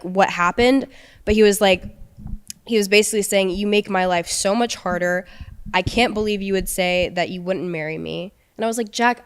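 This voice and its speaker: A young woman on a podcast casually shares a personal story, voicing the quoted dialogue in a smooth, mid-range voice.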